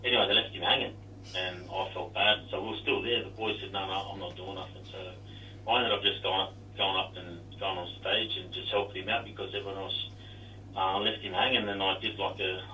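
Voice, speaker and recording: Ex-player telling stories over a distant line. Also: male voice, low voice, steady tone, a little fast, sharp tone, reverberant, slight background noise. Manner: rambling, self-deprecating, many restarts. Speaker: former rugby league player, guest. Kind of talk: casual interview chat.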